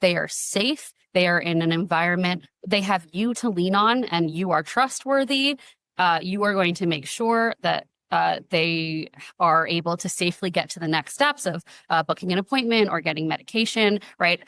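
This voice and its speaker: A young woman talking on a podcast in a casual, earnest way, with plenty of fillers. Her voice sits low for a woman. The sound is dry and close. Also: moderate pace, a bit bright, no room sound. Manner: earnest, uses many fillers like "like" and "um". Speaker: guest, advocacy founder.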